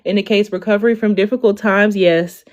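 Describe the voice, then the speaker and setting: A woman's voice: mid-range voice, fairly even intonation, a little fast, darkish tone, lo-fi sound. A woman in her twenties giving a casual tarot reading on a stream, chatty, tagging "okay?" onto her lines. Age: 20s. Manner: chatty, ends lines with "okay?", lots of "like" and "y'all". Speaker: tarot reader.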